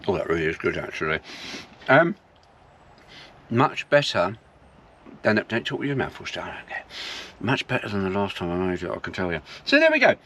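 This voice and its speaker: Sweary, excitable man. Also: fairly low pitch, a little fast, pauses often, a little hiss or hum. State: tired. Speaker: vlogger cooking in a campervan. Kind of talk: casual chat to camera. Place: inside a campervan. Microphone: camera mic.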